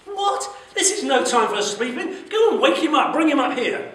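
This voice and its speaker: A stern ship captain barks orders and questions, as a man puts him on for a children's story. The voice sits high for a man. It rings in a very echoey hall, picked up from some distance with a faint hiss behind it. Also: a little fast, a bit bright. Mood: angry. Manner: barking orders, alarmed.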